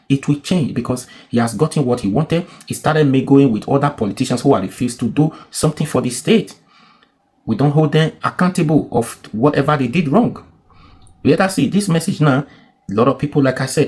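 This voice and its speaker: A man's voice: mid-range voice, a little fast, a little mellow. A man from Nigeria giving casual commentary on a clip, rambling and restarting his sentences and asking rhetorical questions.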